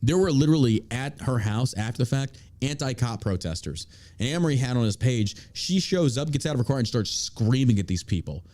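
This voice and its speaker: A man's voice: mid-range voice, animated, brisk, mellow. Ranting, profane man host. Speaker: podcast host. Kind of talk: casual podcast chat.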